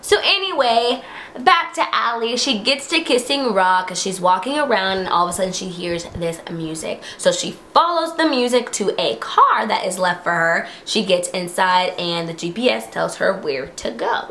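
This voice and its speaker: Young woman, casual recap vlogger, middle pitch, lively retelling, faint room noise. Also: moderate pace. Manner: chatty, acts out quotes in high voices. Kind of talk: casual chat.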